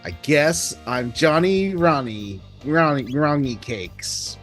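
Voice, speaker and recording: A man's voice: on the high side, expressive, slow, a bit bright, soft background music. A man from Vancouver co-hosting a casual game stream, chiming in with dry, brief quips. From Vancouver, Canada. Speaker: stream co-host.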